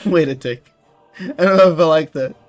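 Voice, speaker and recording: Male streamer, high voice, goofy and excitable, chatty delivery over light background music. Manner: rambling, excitable, quick to laugh. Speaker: streamer host. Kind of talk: casual livestream chat.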